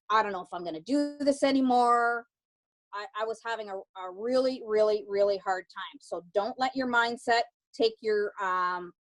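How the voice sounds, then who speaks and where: A woman's voice: on the high side, low-quality recording. Emphatic woman giving a pep talk. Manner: emphatic, repeats advice with "okay?". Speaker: team member sharing a success story.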